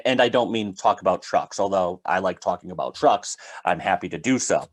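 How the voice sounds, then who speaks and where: A man's voice: low voice, a little fast. A man giving a conversational solo talk on sales, explaining step by step with casual fillers. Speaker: sales trainer.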